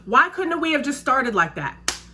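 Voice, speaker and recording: A woman's voice: high-pitched, big pitch swings, unhurried, sharp tone, a little hiss or hum. A woman who works as a restaurant server, chatting casually and emphatically while doing her makeup, repeating her key phrases. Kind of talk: casual chat during a makeup routine.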